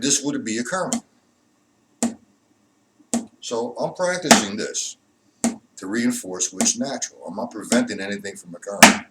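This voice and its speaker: A man with a fairly low voice teaches drum sticking positions, explaining each stroke patiently and repeating it. The recording is noisy, with drum hits ringing in the practice room. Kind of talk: instructional demonstration.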